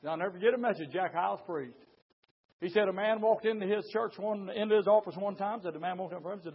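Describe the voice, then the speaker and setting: A man preaching a sermon, his fervent delivery swinging from low murmurs to loud shouting. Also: fast, breathy edge, highs cut off.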